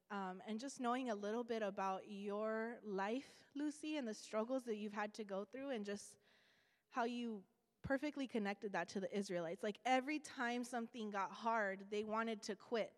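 A woman leading a church gathering, responding encouragingly to testimonies and calling up the next speaker. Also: on the high side. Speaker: church leader hosting testimonies. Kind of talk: church service hosting. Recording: reverberant hall.

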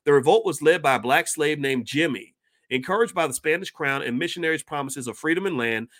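A man reading passages from a book aloud and breaking off into animated commentary, sometimes stumbling over words. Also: a little high. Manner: reads passages then breaks off into animated asides.

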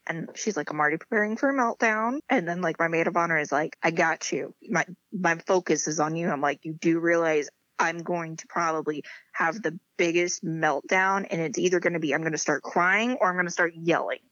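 A woman's voice: sits low, steady tone, fairly quick, hardly any pauses, fairly bright tone, no room sound. Chatty young woman acting out dialogue. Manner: chatty, acts out quoted dialogue with filler "like". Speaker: interview guest. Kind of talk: casual chat. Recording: slightly dull lo-fi sound.

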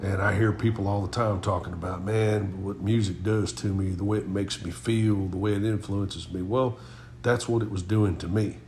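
Earnest and preacher-like, this middle-aged man co-hosts a Christian talk show, telling stories and casual testimony with many fillers. He has a fairly low, a little mellow voice with fairly even intonation, spoken at normal speed against slight background noise.

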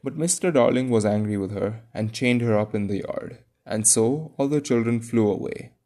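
A man reading a classic children's novel aloud, calm and measured with wry asides. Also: medium pitch. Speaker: audiobook reader. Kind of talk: scripted narration.

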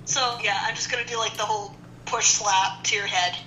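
Bright-voiced woman in an echoey room. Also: mid-range voice, steady tone, a little fast, slight background noise. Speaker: player. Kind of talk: casual tabletop role-play.

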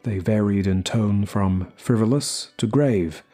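A man reading a short story aloud as the narrator, in slow, measured scripted narration. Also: fairly low pitch, mellow, faint music behind. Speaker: story reader.

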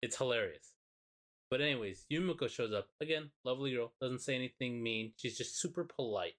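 A man, a podcast co-host, excitedly and profanely retelling a show in casual chat. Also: medium pitch, fairly quick.

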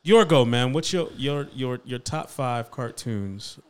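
A man's voice: medium pitch, expressive, slow pace, clean tone. A man co-hosting a casual podcast chat, laid-back and teasing, often stumbling over and repeating words. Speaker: podcast co-host.

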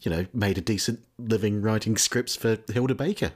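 A man's voice: fairly low pitch, fairly quick, darkish tone. A man hosting a casual chat, who laughs easily and steers the talk back on track. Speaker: host.

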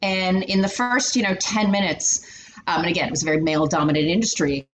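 A middle-aged woman in finance, speaking as an interview guest and telling candid stories in an animated way, with many filler words. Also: fairly low pitch, fast, noisy background. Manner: animated, heavy "you know" fillers. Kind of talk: candid storytelling in conversation.

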